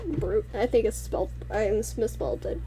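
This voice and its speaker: A young woman streamer chatting casually while playing a building game, rambling and halting, swearing casually as she tells stories. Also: medium pitch, fairly even intonation, dark tone, slight background noise. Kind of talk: casual gaming chat.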